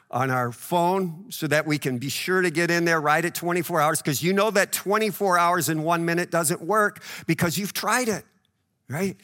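A man's voice: on the high side, sharp tone. A male pastor preaching a sermon in a conversational way, tying the scripture to everyday examples and often checking in with "right?".

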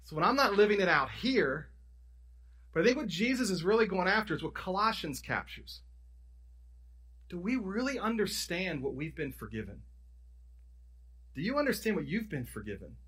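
Pastor, male, sermon; husky, slightly high voice, conversational and emphatic, restarts often. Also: big pitch swings, moderate pace, long pauses, sharp tone. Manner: conversational preaching, restarts and self-corrections, emphatic storytelling.

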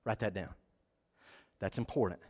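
A man's voice: on the low side, steady tone, moderate pace, darkish tone. A man preaching a sermon as pastor, passionate and emphatic.

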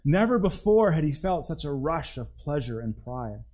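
A man preaches in a relaxed, conversational way and often restarts his phrases. His tone is mellow and warm, and he drops to a hush on his key points. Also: a little high, normal speed, rough recording. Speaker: pastor. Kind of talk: sermon.

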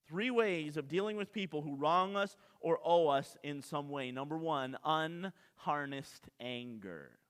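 A man preaching a sermon from the pulpit, his voice pitched high and sharp. He drives each point home by repeating it and putting questions to the congregation. The sound hangs in the long reverb of a big church hall. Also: unhurried, hardly any pauses, clear, resonant tone. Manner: emphatic preaching, repeats key lines, rhetorical questions to the congregation. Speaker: pastor. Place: church sanctuary.

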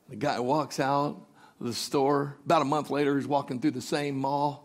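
A man preaching a sermon, telling a story and building to loud, emphatic peaks. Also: medium pitch, animated, normal speed, slightly rough.

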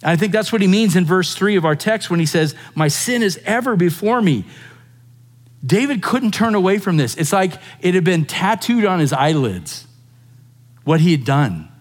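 A man's voice: high-pitched, lively intonation, moderate pace. A man preaching a sermon in a conversational style, often asking the listeners rhetorical questions. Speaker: pastor.

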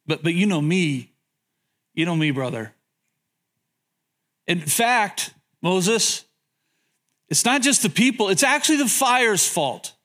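A man's voice: high voice, animated, slow, pauses often, fairly bright tone, exaggerated voice. A man preacher voicing a sheepish biblical man, Aaron, who pleads and makes flustered excuses. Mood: pleading.

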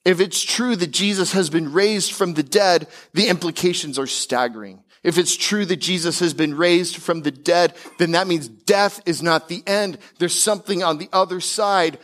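A male pastor preaching a sermon, emphatic, with casual, conversational asides between declarations he slows down and lifts. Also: fairly bright tone. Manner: slows and climbs in pitch on key declarations.

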